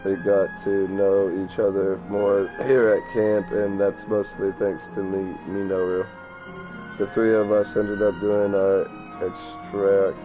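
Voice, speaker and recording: Rambling, profane man playing a game. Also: lowish voice. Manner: rambling, profane, stumbles over hard words. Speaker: let's play gamer. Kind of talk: casual gameplay commentary, reading game dialogue aloud.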